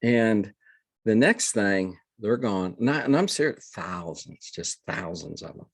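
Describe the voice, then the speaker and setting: An older man speaks in a low, husky voice. He tells his story earnestly and in halting bursts, often restarting his phrases. The sound is dry and close, with no room echo. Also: expressive. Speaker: guest, reverend. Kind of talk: conversational storytelling.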